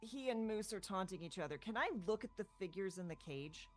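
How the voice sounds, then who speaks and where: A woman player in a tabletop game who speaks quietly and dryly. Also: mid-range voice, expressive, brisk, soft background music.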